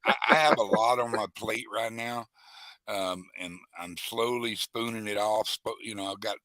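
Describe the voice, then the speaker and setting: Folksy man, bright and stammering. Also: lowish voice, fairly even intonation, normal speed, dry recording. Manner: folksy, stammering, greets chat by name. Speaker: guest co-host of a live stream. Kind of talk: casual live-stream chat.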